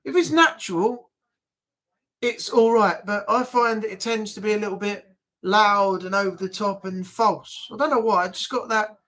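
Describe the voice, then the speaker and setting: A man's voice: high-pitched, steady tone, moderate pace, a bit bright. Give me a rambling, blunt British man hosting a casual live chat. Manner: rambling, chatty, blunt, with frequent restarts. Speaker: livestream host.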